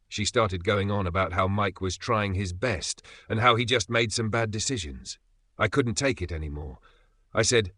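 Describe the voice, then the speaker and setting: A man with a fairly low, bright and forceful voice reads a first-person story in scripted narration. His telling is aggrieved and indignant. The sound is close and dry, with no room around it. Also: lively intonation, normal speed, dry recording.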